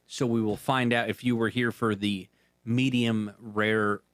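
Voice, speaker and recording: A man's voice: on the low side, level tone, measured pace, a bit bright, no room sound, studio quality. A man co-hosting a podcast, chatting casually and announcing upcoming shows. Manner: easygoing, hesitant with fillers. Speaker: podcast co-host. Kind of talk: casual banter.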